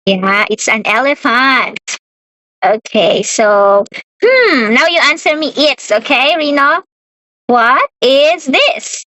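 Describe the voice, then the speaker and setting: A young woman teaching a beginner English lesson to a child, repeating words slowly and laughing often. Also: high-pitched, sharp tone, dry recording, lo-fi sound.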